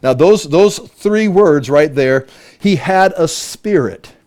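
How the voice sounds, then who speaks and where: A man leads a Bible study verse by verse in a conversational voice. He keeps posing rhetorical questions to the group, and his voice sits a little high. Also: expressive, slow pace, darkish tone. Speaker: Bible teacher.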